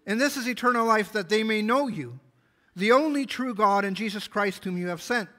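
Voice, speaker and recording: Guy preaching a sermon, high bright voice, earnest, reads verses n explains them. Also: animated, normal speed. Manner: earnest Bible exposition, reading scripture aloud with small restarts. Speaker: pastor.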